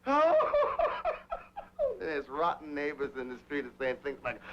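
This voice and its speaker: A man's voice: on the high side, extremely slow, vocal fry, pauses often, noisy background. Laughing man telling wild stories. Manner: laughs often, animated, playful. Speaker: interviewee. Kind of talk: candid storytelling. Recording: dull lo-fi 1960s film sound.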